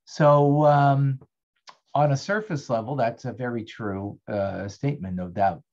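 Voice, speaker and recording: A man's voice: medium pitch, a little slow, darkish tone, highs cut off. A man teaching an interactive online Torah class as a rabbi. He asks his students questions and thanks them by name.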